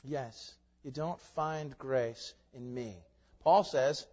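A pastor preaching a sermon, shifting from quiet conversational asides to loud, emphatic, building climaxes. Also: male voice, medium pitch, takes it slowly. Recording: long reverb, dull lo-fi sound.

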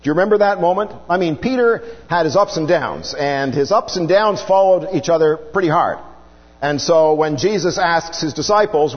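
Male preacher, earnest sermon delivery, animated pitch, long hall reverb. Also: normal speed, lo-fi sound. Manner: earnest, explanatory, rhetorical questions. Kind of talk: sermon teaching on scripture.

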